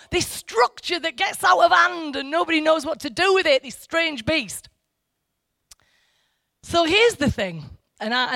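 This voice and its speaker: A woman's voice: on the high side, gravelly, a bit bright, no echo, clean studio sound. A middle-aged woman from England giving an informal, chatty Bible teaching that wanders off track and then presses hard on her key points. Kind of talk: informal Bible study talk.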